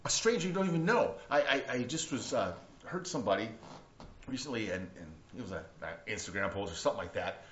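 A man delivering a relaxed, story-driven sermon. He rambles, restarts sentences and keeps checking in with his listeners. The recording is roomy and slightly muffled. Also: fairly low pitch, fast talker. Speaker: pastor. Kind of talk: conversational sermon. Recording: roomy, dull lo-fi sound.

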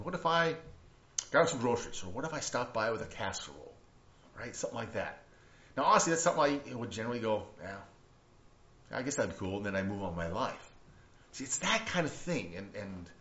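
A man's voice: mid-range voice, fairly bright tone. A man preaching a conversational sermon. He tells stories in a rambling way, with many restarts and tag questions like "right?". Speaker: pastor. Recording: roomy, dull lo-fi sound.

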